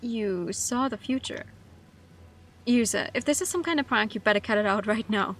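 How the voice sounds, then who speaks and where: A woman's voice: fairly high pitch, normal speed, fairly bright tone, slight background noise, natural voice. A woman reading the lines of a blunt, skeptical young man who doubts his friend. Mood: doubtful.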